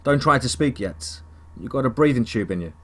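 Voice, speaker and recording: A man voicing an older male forest service official who speaks with a Texan twang in a calm, questioning way. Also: medium pitch, brisk. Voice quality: country twang.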